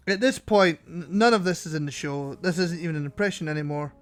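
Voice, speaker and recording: A man's voice: fairly high pitch, a little fast, few pauses, faint music behind. A man narrating gameplay commentary as a channel host, wry and self-mocking.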